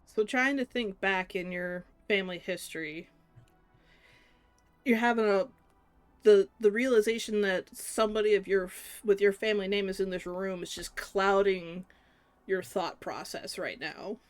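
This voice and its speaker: A woman running a tabletop game as game master, describing scenes and ruling on players' actions in measured narration. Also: medium pitch, steady tone, dry recording.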